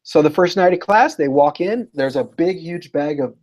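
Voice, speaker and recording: A man talking as a guest educator in a casual interview, telling lively stories and acting out what people said. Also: fairly high pitch, normal speed, low-quality recording. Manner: animated storyteller, acts out quotes.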